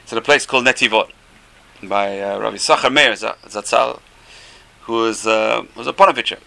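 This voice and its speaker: A middle-aged or older man, a rabbi teaching a class, tells stories in an animated way with many rhetorical questions. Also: on the low side, a little fast, creaky. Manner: animated, rhetorical questions, stretches key phrases. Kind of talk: Torah class storytelling.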